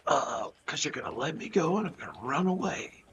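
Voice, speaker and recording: A woman's voice: sits low, expressive, brisk, noisy background. A woman voicing a cocky female bandit guard who talks in a brash, mocking way, on dull lo-fi audio.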